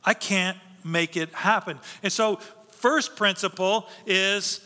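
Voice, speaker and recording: A man's voice: high voice, fairly even intonation, takes it slowly, bright, forceful tone. A man preaching a sermon as pastor, earnest and conversational, with restarts and asides. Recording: long hall reverb.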